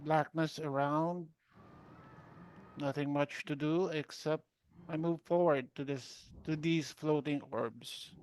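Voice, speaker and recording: Guy player, slow and hesitant, bit higher voice, faint room sound. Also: steady tone, a little mellow, slight background noise. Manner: hesitant, with fillers. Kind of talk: describing his character's actions.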